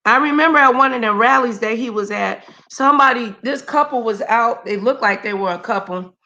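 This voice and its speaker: A woman's voice: fairly high pitch, a little fast, sharp tone, lo-fi sound. A woman hosting a casual live stream, chatty and slangy, greeting viewers by name. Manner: scolds her dogs mid-stream.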